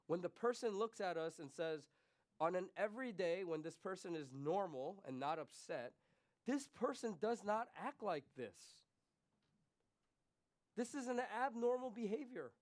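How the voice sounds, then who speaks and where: Emphatic preaching pastor, slightly high voice. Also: male voice. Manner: swings from hushed confession to raised emphatic questions. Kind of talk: sermon. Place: church.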